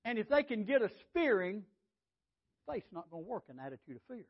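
A man's voice: sits high, sing-song, fairly quick. A man preaching a sermon, folksy and conversational, often repeating his words. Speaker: pastor. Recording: dull lo-fi sound.

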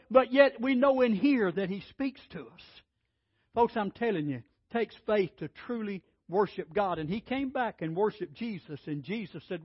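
High-voiced emphatic preacher man. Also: breathy edge, no echo. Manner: emphatic preaching, acts out scripture quotes with rising voice. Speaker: pastor. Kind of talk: sermon. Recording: dry, dull low-fidelity sound.

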